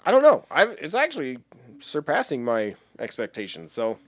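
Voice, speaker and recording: A man co-hosting a podcast, chatting about a fantasy series in a jokey, animated way, swearing casually. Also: medium pitch, normal speed, no echo. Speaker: podcast co-host.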